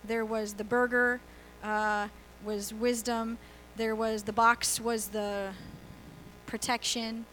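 Bright-voiced woman preaching a sermon. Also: on the high side, flat delivery, takes it slowly, a little hiss or hum, rough recording. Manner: conversational, asks the congregation questions, laughs easily. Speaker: guest pastor.

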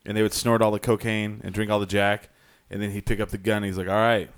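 A man's voice: lowish voice, little pitch movement, quick pace, smooth. A man hosting a podcast, chatting casually and swearing freely. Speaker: podcast host. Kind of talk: casual chat.

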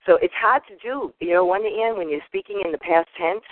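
A woman's voice: medium pitch, fairly quick, no echo. Boston-accented woman in her fifties on a tinny phone line. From Boston area, USA. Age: 50s. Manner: animated storyteller who acts out voices. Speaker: caller on a group call. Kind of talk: casual personal introduction.

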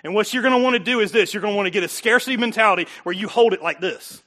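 High, bright-voiced preaching man. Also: rapid-fire. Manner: conversational preaching, swings from loud emphasis to quiet asides. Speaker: pastor. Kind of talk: sermon. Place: church.

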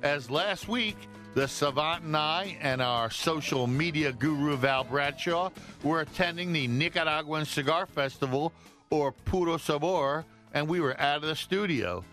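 A man's voice: on the high side, unhurried, a bit bright, faint music behind. A man hosting a live radio talk show from a studio, upbeat and joking as he banters with his co-host. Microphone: studio microphone.

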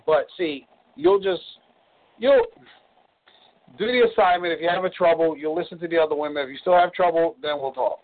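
A relationship coach leads a call over a thin, tinny phone line, his voice sitting a little high. He's brisk, blunt, and folksy, swearing to hammer his points home.

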